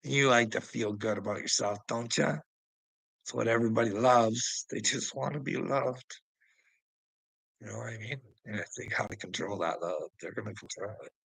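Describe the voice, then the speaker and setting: A man delivering a preachy, taunting rant at a rival, laughing mockingly, swearing, and swinging between loud outbursts and low mutters. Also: normal speed, gravelly, slightly rough, no room sound, low-quality recording. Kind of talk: ranting monologue to a rival streamer.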